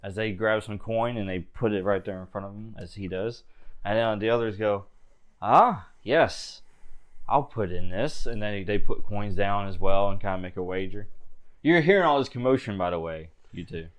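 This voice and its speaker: A man narrating a tabletop game as game master in a relaxed way, laughing often. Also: lowish voice, fairly quick, clear, resonant tone.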